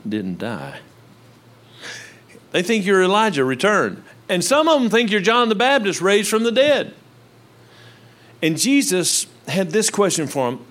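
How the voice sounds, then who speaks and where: Older man, pastor, sermon, handheld mic, fairly high voice, very lively pitch, quiet asides and loud emphasis. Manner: animated, swinging from low quiet asides to loud emphatic lines. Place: church with live congregation. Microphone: handheld microphone.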